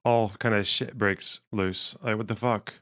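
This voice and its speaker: A man live-streaming casual commentary while reading chat, his voice strained and missing its lower range, swearing and laughing as he thinks aloud. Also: fairly even intonation, unhurried, fairly bright tone.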